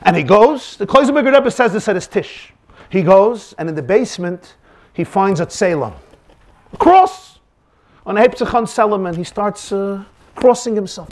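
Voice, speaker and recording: A man's voice: high voice, normal speed. A man, a rabbi, teaching a Torah class, acting out little dialogue scenes and sprinkling in Yiddish and Hebrew words. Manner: animated, acts out dialogue scenes.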